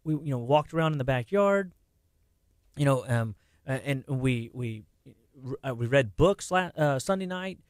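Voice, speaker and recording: A middle-aged man talking casually about health on a radio show, animated and quick, with many restarts and repeated words. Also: medium pitch, no echo, studio quality.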